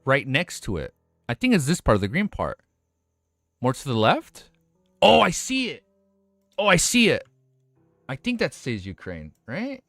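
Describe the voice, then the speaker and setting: A young man streaming live, reacting excitedly with lots of swearing and laughing at himself. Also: medium pitch, a little slow, pauses often, no echo, soft background music. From United States.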